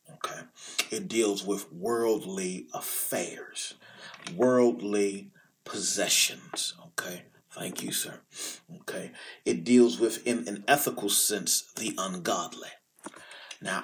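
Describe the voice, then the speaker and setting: A man preaching a sermon as bishop, drawing out words dramatically and dropping to near-whispers between loud, emphatic lines. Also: fairly low pitch, rough recording. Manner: slow, dramatic preaching with drawn-out words and sudden soft asides.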